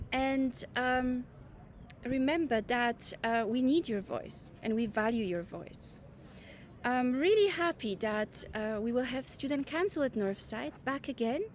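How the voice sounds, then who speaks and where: A woman's voice: fairly high pitch, slight background noise. A woman teacher making an encouraging announcement to pupils at a school assembly, speaking directly to the children.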